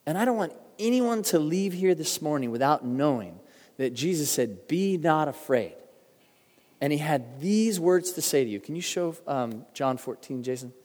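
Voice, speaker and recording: A middle-aged male pastor giving a sermon, telling stories earnestly and slowing down for emphasis. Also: on the high side, expressive, darkish tone. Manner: earnest storytelling preacher, shifts pace for emphasis. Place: church sanctuary. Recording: long hall reverb.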